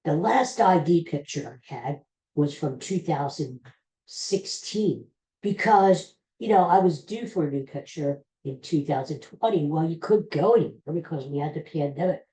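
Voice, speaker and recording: A middle-aged man rambles through a casual story, poking fun at himself. His voice is soft and mellow. The recording has a roomy echo. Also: on the high side, animated, moderate pace. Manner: rambling, self-deprecating humor. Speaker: podcast host.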